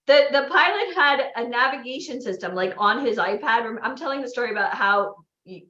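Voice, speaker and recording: A woman hosting a live event, giving an animated motivational talk and asking the audience questions. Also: fairly high pitch, fairly quick. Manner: animated, exclaiming, asks the crowd questions. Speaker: event host. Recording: echoey, dull livestream audio.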